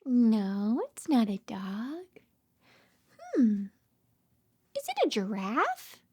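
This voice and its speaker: A woman, a speech therapist, reading a bedtime story aloud to young children in a gentle, soft voice that often drops to a whisper, coaxing the child with many questions. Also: on the high side, very animated, very slow, husky.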